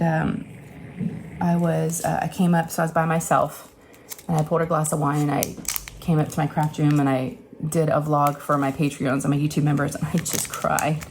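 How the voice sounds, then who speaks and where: A woman in her forties speaks in a low, deeper register and retells a personal story in a loose, candid, emotional way. She talks from her home craft room as a craft channel host. There is a faint hiss of room noise behind her. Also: darkish tone.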